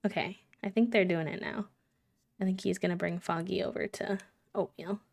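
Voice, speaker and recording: A woman's voice: on the low side, steady tone, normal speed, gravelly. A woman live-streaming a game, chatting casually, giggling and cooing fondly at the characters. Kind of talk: casual chat while playing a life-sim game.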